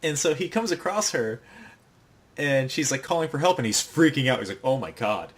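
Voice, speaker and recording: A man's voice: on the high side, lively intonation, brisk, husky. A man co-hosting a podcast, casually recapping an anime scene by scene and acting out the characters' lines with gusto. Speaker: podcast co-host.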